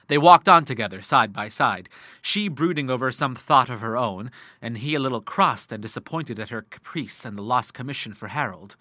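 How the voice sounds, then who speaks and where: A man narrating a classic novel in a measured way, dropping low for the narration tags. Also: animated, pushed and bright, no echo, studio quality. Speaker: audiobook narrator.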